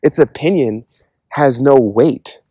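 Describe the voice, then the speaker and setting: A man speaks in a mellow, warm voice, recorded dry and close with no room sound. He delivers an earnest personal testimony in a loose, conversational way, leaning on casual fillers as he talks. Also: medium pitch, slow pace, husky, no room sound. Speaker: Christian speaker giving a testimony.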